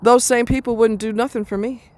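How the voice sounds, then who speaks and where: A woman's voice: fairly high pitch, fairly even intonation, a little fast, a little mellow. A woman venting in a casual monologue, blunt and profane, rambling with restarts as she rants. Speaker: vlogger.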